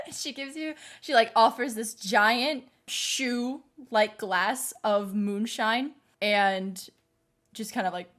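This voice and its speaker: A woman's voice: on the high side, slow, a bit bright. A woman narrating as game master of a tabletop game, often laughing through her narration.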